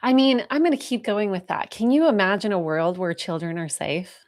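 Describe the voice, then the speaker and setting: A woman giving a live spiritual talk, speaking softly and slowly with heartfelt pauses as she answers viewer questions, moved close to tears. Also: mid-range voice. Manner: soft, heartfelt, slow and reflective with pauses.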